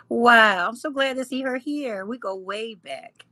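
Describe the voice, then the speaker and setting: A woman's voice: a little high, a little slow, few pauses, sharp tone, no room sound. A woman hosting a casual live chat, reading comments aloud, teasing her viewers and laughing often. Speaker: livestream host.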